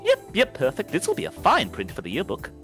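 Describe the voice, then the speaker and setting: A man's voice: high-pitched, wildly swooping pitch, fast talker, over music, voice pushed up. A man voicing a bespectacled male parasaur photographer in a put-on posh British accent, with jaunty old-fashioned phrasing. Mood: pleased.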